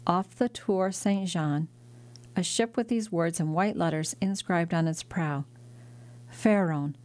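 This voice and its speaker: A woman's voice: fairly low pitch, a little slow, a little mellow. Woman narrating a classic novel. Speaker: audiobook narrator. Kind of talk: scripted narration.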